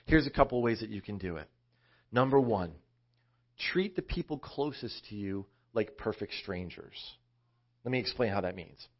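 A man preaching a sermon in a conversational, animated storytelling way. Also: fairly low pitch, normal speed, lo-fi sound. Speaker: pastor.

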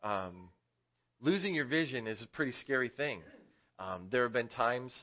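Man, children's Bible teacher, chatty and question-asking, mid-pitched voice, dull lo-fi recording. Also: expressive, moderate pace. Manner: conversational, asks the audience questions. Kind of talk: casual Bible lesson for kids.

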